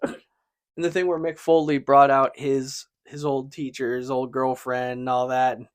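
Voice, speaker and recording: A wrestling podcast co-host keeps a casual chat going, his mid-range voice steady and level. He's chatty and quick to laugh, often dropping catchphrases.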